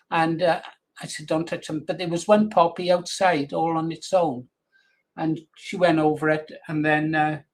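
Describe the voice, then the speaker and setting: Older male radio presenter, rambling chat. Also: fairly high pitch. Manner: rambling, anecdotal, chuckling.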